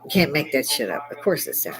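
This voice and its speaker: A woman's voice: extremely low pitch, sing-song, fast talker, creaky, a crowd in the background, low-quality recording. An older woman hosting a casual monologue, ranting angrily in a blunt, profane way. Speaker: host.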